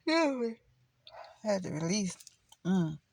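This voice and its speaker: A woman's voice: medium pitch, very animated, unhurried, vocal fry, a little mellow, dry recording. A middle-aged woman chatting casually on her channel in a blunt, preachy, rambling way. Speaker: spiritual vlogger. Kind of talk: casual direct-to-camera chat.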